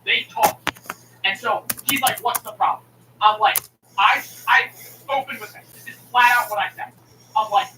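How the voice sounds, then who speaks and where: High-voiced man ranting with lots of swearing. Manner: heated, swearing, acting out both sides of a phone call. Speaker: streamer. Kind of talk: casual profane rant. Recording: echoey room mic from a distance with noise.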